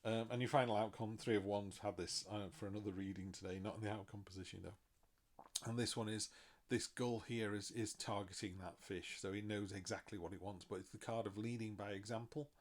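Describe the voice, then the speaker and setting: Chatty middle-aged man, low voice. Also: a little fast. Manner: chatty, self-mocking, animated asides. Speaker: tarot reader. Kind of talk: casual tarot reading.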